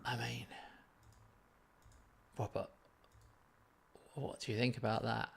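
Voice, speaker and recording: A man's voice: mid-range voice, slow, vocal fry, a little hiss or hum. A man streaming a football management game, chatting and teasing his co-player. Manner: banter-filled, animated, teasing. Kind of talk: casual gaming chat.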